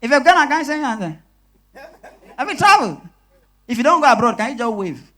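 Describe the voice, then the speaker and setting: Animated Nigerian stand-up comedian. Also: male voice, very high voice, a little fast. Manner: animated, switches into voices for characters. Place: live comedy show stage.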